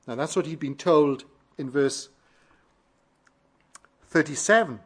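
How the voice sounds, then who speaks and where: A man preaching a sermon, emphatic and fervent, building repeated phrases in a measured cadence. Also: a little high. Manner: fervent, emphatic, swells louder on key phrases.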